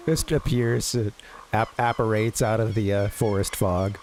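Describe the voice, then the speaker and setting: A man's voice: lowish voice, lively intonation, slow, a little mellow, slight background noise. An American man giving casual, rambling commentary as a game streamer, full of fillers and asides. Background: game music.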